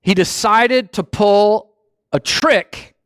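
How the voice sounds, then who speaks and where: A man preaching a sermon with animated storytelling who often corrects himself mid-phrase. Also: sits high, takes it slowly, dry recording, clean studio sound.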